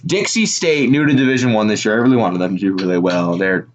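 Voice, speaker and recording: A man hosting a casual live reaction stream, telling rambling, animated stories. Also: fairly low pitch, quick pace, dull audio, a crowd in the background. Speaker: sports live-stream host.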